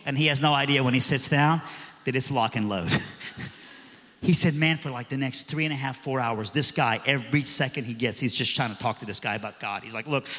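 A man preaching a sermon, telling a story in an animated way and acting out the voices of the people in it. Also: medium pitch. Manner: animated, acts out quoted voices. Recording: long reverb of a large hall.

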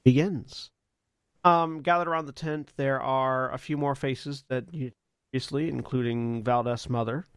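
A man runs a tabletop game as dungeon master, narrating in a loose, halting way full of fillers. His voice sits in a middle register and is recorded close and dry, with no room sound. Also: medium pitch, fairly even intonation, fairly bright tone, smooth, no echo. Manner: casual, halting with many fillers.

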